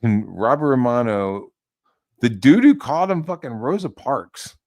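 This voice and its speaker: A man's voice: medium pitch, lively intonation, measured pace, darkish tone. A man delivering a profane, heated rant as an online commentator, swearing freely and mocking his target.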